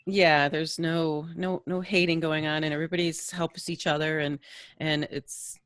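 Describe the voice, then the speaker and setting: A woman's voice: sits low, flat delivery, normal speed, a bit bright, no echo, clean studio sound. A woman from the United States hosting a podcast, chatting casually and laughing often. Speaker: podcast host. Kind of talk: casual interview chat.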